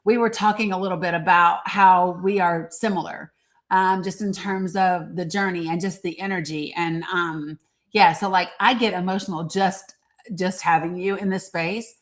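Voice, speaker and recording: A woman's voice: fairly low pitch, fairly even intonation, normal speed. Bubbly woman hosting a live stream. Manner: bubbly, greets viewers by name. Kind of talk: casual live-stream chat.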